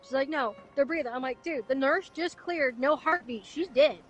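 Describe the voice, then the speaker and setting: A woman with a high voice, speaking at normal speed over background music, streams and chats while telling blunt, crude stories about her old job. She laughs at her own story in this casual storytelling chat.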